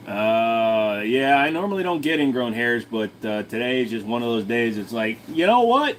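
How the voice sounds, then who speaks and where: A man's voice: medium pitch, very animated, moderate pace, hardly any pauses, slight background noise. A man hosting his own channel, answering viewer questions in a rambling, crude, joking way. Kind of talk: casual livestream Q&A chat.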